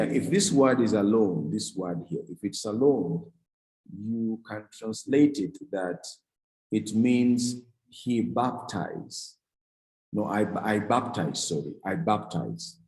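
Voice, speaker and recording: A male teacher works through a grammar lesson in a low, mellow voice. He explains patiently, pausing, restarting and correcting himself as he goes. The sound carries a noticeable room echo. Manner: explains slowly, with frequent restarts and self-corrections. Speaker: Greek teacher. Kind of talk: classroom lecture.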